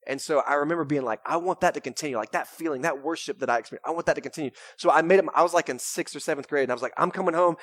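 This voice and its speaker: A young man, preaching a sermon in a casual, energetic way with lots of "right?" and "man". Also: on the high side, rapid-fire, hardly any pauses, no echo. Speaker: pastor. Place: church sanctuary.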